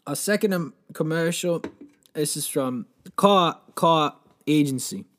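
Young guy riffing a goofy monologue, slightly high voice, lots of "you know" and restarts. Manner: meandering, filler-heavy, deadpan mock storytelling. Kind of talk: rambling comic monologue.

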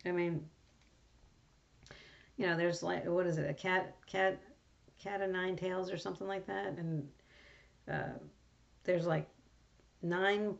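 A woman's voice: fairly low pitch, fairly even intonation, slow, gravelly, long pauses. A woman talking through a Bible passage in a casual, rambling way, full of fillers and restarts. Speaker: Bible study speaker. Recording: dull lo-fi recording.

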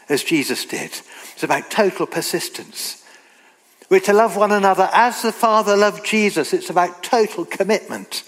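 Guy preaching a sermon in a church hall, earnest, voice ringing round the room. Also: high voice. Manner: earnest, emphatic, reads scripture aloud slowly. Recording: long reverb of a hall.

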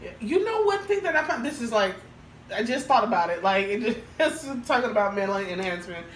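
A woman's voice: mid-range voice, lively intonation, a little fast. A woman co-hosting a podcast in casual chat, frank and crude, often laughing as she tells stories. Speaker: podcast co-host. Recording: roomy, distant mic with faint hiss.

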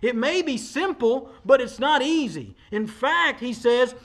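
Emphatic high-voiced preacher in his forties. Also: lively intonation, unhurried, fairly bright tone. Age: 40s. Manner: conversational, emphatic preaching with audience asides. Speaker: pastor. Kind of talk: sermon.

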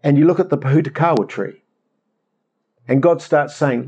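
A middle-aged man preaching a conversational sermon, animated and rambling as he acts out prayers. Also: fairly high pitch, normal speed, husky, dull audio. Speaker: pastor.

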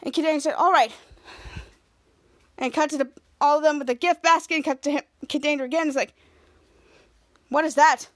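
Woman podcast host with a high voice, casual and halting as she narrates scene by scene. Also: fairly even intonation. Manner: halting, repeats words and restarts while narrating scenes. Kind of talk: casual episode recap.

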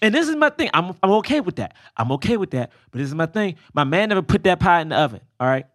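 Emphatic high-voiced man, slangy podcast co-host. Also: sing-song, fast, no room sound, clean studio sound. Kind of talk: casual chat.

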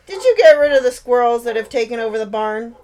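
A woman's voice: on the high side, expressive, quick pace, darkish tone, close to an everyday voice. A woman voicing a wry, easygoing retired Marine father in his sixties.

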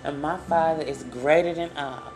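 A woman's voice: deep voice, moderate pace. A woman leading a Bible study, reading scripture aloud and preaching with fervor, repeating phrases and calling out to her listeners. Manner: fervent, repeats phrases, addresses listeners directly.

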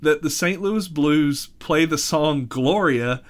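A man's voice: fairly high pitch, takes it slowly, background noise. A man co-hosting a casual podcast chat, loose and jokey, laughing often. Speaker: podcast co-host.

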